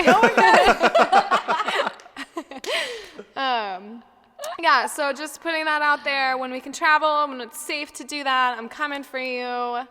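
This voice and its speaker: A woman's voice: sits high, slow, sharp tone, big-room sound, slight background noise. A woman musician chatting on a livestream, giggly and self-mocking, laughing often. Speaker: guest musician. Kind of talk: casual chat on a livestream. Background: piano.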